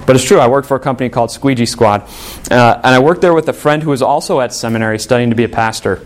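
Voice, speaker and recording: A man's voice: mid-range voice, quick pace. A male pastor giving a sermon in a conversational, storytelling way, acting out the voices of the people he quotes.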